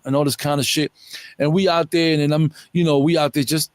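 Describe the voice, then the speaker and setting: A man's voice: fairly high pitch, flat delivery, brisk, dry recording. A middle-aged man telling a long story in an interview, rambling in profane street slang. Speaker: interview guest.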